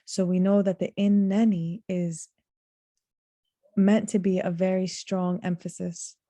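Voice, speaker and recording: Earnest woman teaching scripture slowly. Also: fairly low pitch, level tone, warm tone, no room sound. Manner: earnest, slows to stress key words, recites Arabic verses. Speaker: Quran teacher. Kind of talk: reflective religious lesson.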